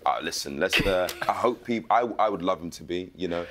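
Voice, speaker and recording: A man, an actor guest telling lively stories in a casual interview. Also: sits low, a little fast, background noise. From England. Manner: animated storytelling with slang.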